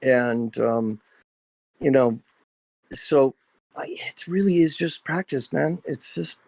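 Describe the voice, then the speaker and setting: A man of middle pitch speaks earnestly and emphatically, circling back to repeat his point. His voice is close and dry, with no room around it. He sounds like a voice actor chatting on a video call. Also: slow pace, gravelly, darkish tone, dry recording. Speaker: voice actor guest. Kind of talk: casual video call chat.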